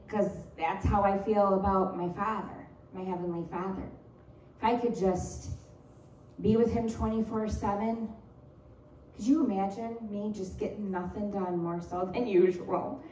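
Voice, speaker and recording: A woman's voice: mid-range voice, a little hiss or hum. A middle-aged woman pastor preaching a sermon, telling playful stories with laughter. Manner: animated, playful storytelling with laughter. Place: church sanctuary. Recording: roomy church echo, distant mic.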